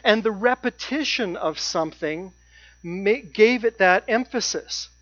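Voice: mid-range voice, expressive, a bit bright, no echo. Emphatic preacher, dry dull recording. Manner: emphatic, repeats key phrases, slows down to stress points. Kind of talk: sermon.

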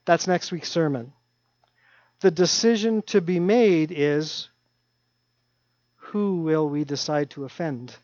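A middle-aged man preaching a sermon in an earnest way, repeating his key phrases and dropping his voice to a hush at times. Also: on the high side, slow, pauses often, dry recording, muffled recording. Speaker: pastor.

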